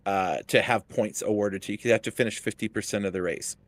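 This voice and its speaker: A man's voice: lowish voice, steady tone, quick pace. A man hosting a sim racing broadcast, interviewing a driver after the race in an upbeat, chatty way. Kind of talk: live post-race interview.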